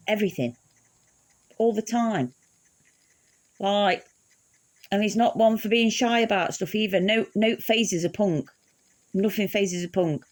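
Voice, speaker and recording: A woman telling a funny personal story in a casual, swearing, laughing way. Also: on the low side. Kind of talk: casual anecdote.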